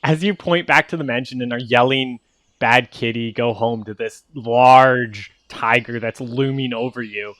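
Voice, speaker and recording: A man's voice: medium pitch, moderate pace, hardly any pauses, a bit bright, dry recording. Casual man game master. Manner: casual, filler-heavy narration. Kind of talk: narrating a tabletop game.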